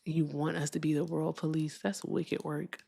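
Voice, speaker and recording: A woman hosting a live political stream, talking in an animated, emphatic way, swearing and slowing down to stress her points. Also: sits low, creaky, slightly rough. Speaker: livestream political host.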